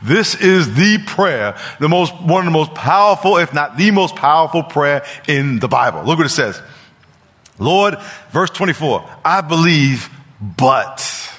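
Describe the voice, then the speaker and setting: A man's voice: on the high side, lively intonation, moderate pace, hardly any pauses, a bit bright. A man preaching a sermon as pastor, emphatic and repetitive, often stumbling and restarting his words. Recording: long reverb of a large hall.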